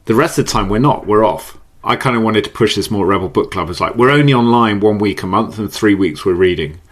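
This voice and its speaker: A man speaking as a podcast guest, explaining ideas in an animated way, often repeating words and laughing easily. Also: on the low side, fast, breathy edge. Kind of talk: conversational podcast interview. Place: based in the UK.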